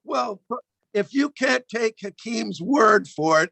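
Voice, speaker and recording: A man's voice: sits high, lively intonation, slow pace, vocal fry, bright, forceful tone, no echo, soft background music. A man co-hosting a call-in show, chatting loosely and comically, swearing and laughing as he goes. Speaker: comedian co-host. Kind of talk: casual comedic chat.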